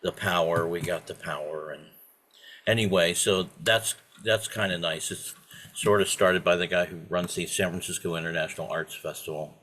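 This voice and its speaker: A man on a video call, talking at length in a halting way with many restarts. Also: deep voice, fairly even intonation, a bit bright. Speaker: participant. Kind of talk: casual video call chat.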